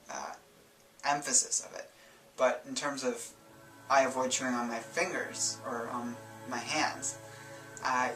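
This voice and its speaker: Male self-help host, loose rambling delivery, bright tone, faint music under a roomy recording. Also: medium pitch, recorded from a distance. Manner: relaxed, rambling explanations with fillers and self-corrections. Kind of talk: casual instructional talk.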